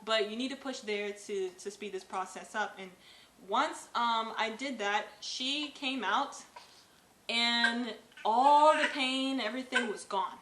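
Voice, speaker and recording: Brief: young woman, bright and slightly high voice, halting earnest storytelling, echoey room. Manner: earnest, halting, with frequent fillers. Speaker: co-host, new mother. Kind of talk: casual personal storytelling. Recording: echoey room with faint noise.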